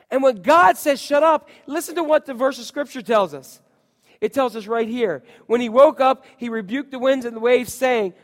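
A man preaching a sermon, telling the story in an animated way with voices, swinging from loud outbursts to hushed lines. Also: very high voice, moderate pace, in a large hall. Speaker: pastor.

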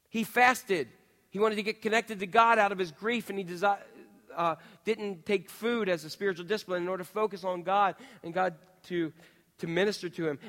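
A man preaching a sermon, peppering his listeners with rhetorical questions and swinging between quiet asides and loud outbursts. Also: sits high. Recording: long reverb of a large hall.

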